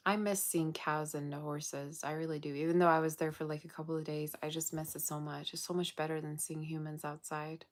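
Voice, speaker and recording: A woman's voice: sits low, flat delivery, brisk, hardly any pauses. A woman giving a casual tarot reading, chatty and blunt with exasperated asides, sounding tired and yawning. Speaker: tarot reader.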